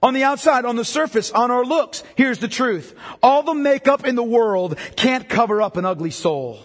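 A man's voice: extremely high pitch, expressive, normal speed. A middle-aged male pastor preaching a sermon to a congregation, mixing scripture with joking asides. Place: church hall. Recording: long hall reverb.

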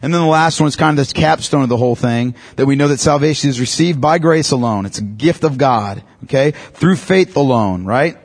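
Man, church teacher, husky voice, emphatic, repeats key lines, keeps asking "okay?". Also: medium pitch, brisk, hardly any pauses. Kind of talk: classroom teaching on evangelism.

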